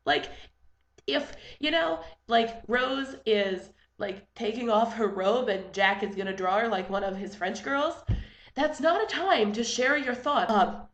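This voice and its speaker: Animated young woman with a slight lisp. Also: measured pace, echoey room. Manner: animated, exasperated, with big pitch jumps. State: stuffy from a fading cold. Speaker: vlogger. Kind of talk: casual ranting vlog.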